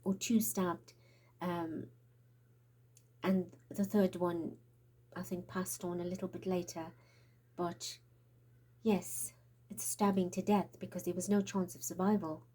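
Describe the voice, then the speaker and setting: With a fairly low, warm voice that has a touch of roughness, a woman performs a spiritual tarot reading monologue. She sounds urgent and prophetic, breathless and quavering, sometimes whispering.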